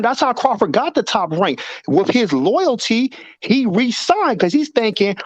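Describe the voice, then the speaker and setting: A man co-hosting a casual boxing debate, animated, acting out quotes and repeating himself as he argues. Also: very high voice, measured pace, hardly any pauses, no room sound, lo-fi sound. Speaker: boxing show co-host.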